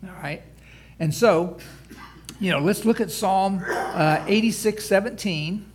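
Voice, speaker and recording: Slow-preaching man pastor. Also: high-pitched, noisy background. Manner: preaching with rising emphasis on scripture, many restarts and throat clearing. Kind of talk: sermon.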